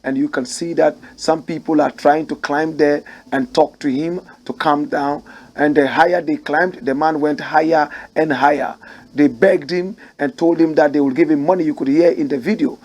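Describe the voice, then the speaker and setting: A Ghanaian man commenting on the news in a lively, preacher-like way, and his voice sits a little higher than most men's. He leans hard on key words and repeats them for weight. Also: normal speed. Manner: animated, preacher-like, repeats phrases for emphasis. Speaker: commentary show host.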